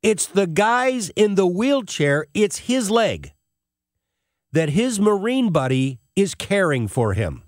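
A man's voice: high-pitched, sing-song, takes it slowly, dry recording, clean studio sound. A middle-aged man hosting a show, telling a personal story in an emotional, tearful way. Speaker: host.

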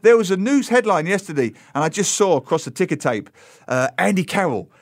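A man, a football columnist talking as a radio guest in casual chat, telling comic stories with sudden high exclamations. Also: very animated, fairly quick, dry recording, studio quality.

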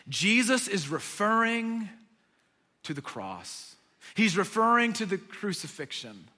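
A man's voice: sits high, sing-song, takes it slowly, bright, forceful tone, in a large hall. A man preaching a sermon, retelling a scene with vivid dramatic emphasis. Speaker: pastor.

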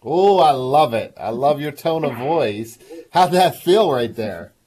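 A man's voice: mid-range voice, lively intonation, measured pace, warm tone, slightly rough. A man hosting a call-in show on emotional well-being, coaxing a caller with encouragement and frequent laughter. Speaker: radio show host. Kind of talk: call-in counseling talk.

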